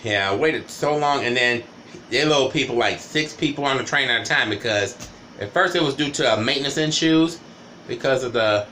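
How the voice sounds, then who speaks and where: A man's voice: mid-range voice, moderate pace, sharp tone, a little hiss or hum. A man vlogging a rambling, casual storytime monologue, often tagging "right?" and "you know" onto his sentences.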